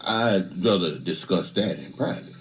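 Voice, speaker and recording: A man's voice: lively intonation, measured pace. An actor playing a scheming old male house servant with a drawl, sly and commanding, in a film. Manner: drawling, sly, abrupt shifts in pitch.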